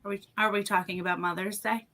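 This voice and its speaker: A woman's voice: mid-range voice, little pitch movement, quick pace, bright, forceful tone. A woman presenting on a casual live podcast over a video call, chatty and upbeat with lots of ums, sounding a little out of breath. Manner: chatty, upbeat, many ums and you-knows. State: slightly out of breath. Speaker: wine seller and fundraiser co-host.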